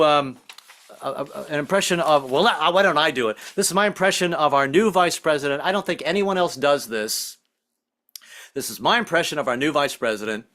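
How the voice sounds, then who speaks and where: A man doing a rambling stand-up comedy set over a video call, slipping into quick impressions. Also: on the high side, a bit bright.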